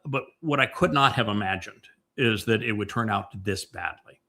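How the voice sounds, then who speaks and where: A man hosting a podcast, talking through casual commentary in a meandering way, with many fillers and restarts and a slower pace on the points he stresses. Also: lowish voice, bright, forceful tone. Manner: emphatic, slows down on key points. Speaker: podcast host.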